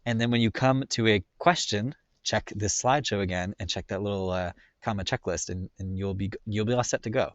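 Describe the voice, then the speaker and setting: Low-voiced man teaching a grammar lesson. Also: brisk, dry recording, dull audio. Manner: casual, filler-heavy explaining with frequent "right?".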